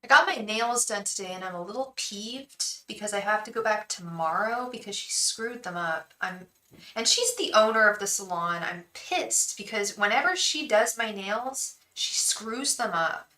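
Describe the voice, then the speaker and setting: Bright-voiced chatty woman tarot streamer. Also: medium pitch, moderate pace, roomy sound, poor audio. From San Francisco Bay Area. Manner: chatty, venting, repeats a chanted invocation. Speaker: tarot reader hosting a live stream. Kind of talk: casual live-stream chat.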